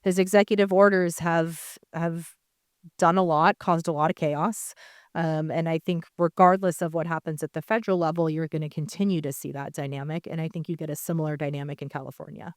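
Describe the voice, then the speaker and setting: A woman's voice: low voice, fairly even intonation, fairly quick, dry recording, clean studio sound. A woman speaking on a panel as a political consultant, conversational and full of fillers. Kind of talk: panel discussion. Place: conference stage.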